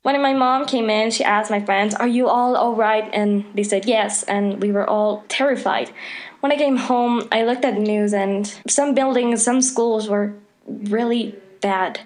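Teenage girl, from Mexico, personal story, earnest, casual, slightly high voice. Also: fairly even intonation, unhurried. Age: teens. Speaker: student telling her story.

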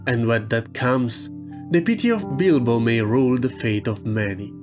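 A man reading the lines of a wise old male wizard in a measured, solemn way. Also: mid-range voice, music in the background, close to an everyday voice. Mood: grave.

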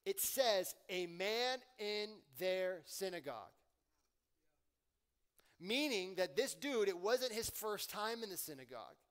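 A man pastor preaching a casual sermon, swinging between loud emphatic questions and quiet asides. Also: high voice, expressive, slow, smooth. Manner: conversational preaching with slang and swings in volume.

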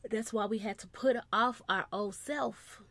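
A woman preaching a sermon, constantly breaking in with short praise phrases and dropping to soft murmurs between points. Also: fairly high pitch, a little slow, no echo.

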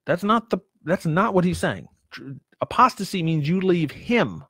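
A man's voice: high-pitched, lively intonation, normal speed, a bit bright, slightly rough, no room sound. Emphatic male preacher, dry sound. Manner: emphatic, repeats himself, asks the listeners rhetorical questions. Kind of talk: sermon.

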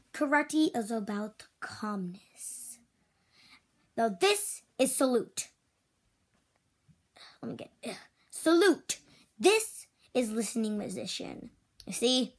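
In make-believe play, a woman with a slightly high voice plays a strict female toy karate teacher, switching between loud drill shouts and whispers.

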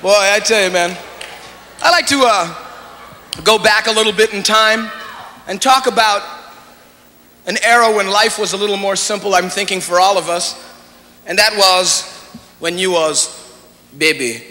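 A man's voice: sits high, normal speed, long pauses, bright, forceful tone. A male standup comedian with a Hawaiian Pidgin accent, chatty and always checking in with the audience. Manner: chatty, keeps asking the audience "you know?". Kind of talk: standup routine. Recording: live stage recording with reverb and noise.

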